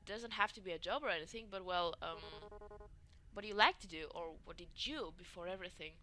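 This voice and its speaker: Woman reading a sullen young man for a game let's play; bright voice, guarded and dry. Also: lowish voice, a little fast, slight background noise. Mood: curious.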